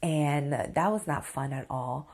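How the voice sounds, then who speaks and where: A chatty woman vlogger in her thirties tells a story straight to camera. Her voice sits a little low, and she gets excitable, filling her sentences with "like" and calling out to her viewers. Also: slow pace. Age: 30s. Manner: excitable and chatty, full of "like" and "you guys".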